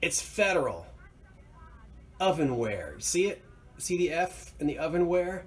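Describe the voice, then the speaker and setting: A man's voice: on the high side, sing-song, a little slow. A man hosting a thrift haul video, talking casually and enthusiastically about his finds, rambling with plenty of fillers and self-corrections. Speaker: thrift reseller vlog host. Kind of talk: casual show-and-tell chat.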